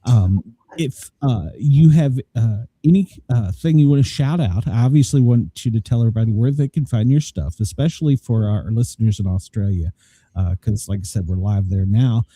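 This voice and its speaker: A man's voice: medium pitch, normal speed, warm tone, husky. A man hosting a podcast, chatting in an easygoing way with many fillers. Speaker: podcast host. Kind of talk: casual podcast chat.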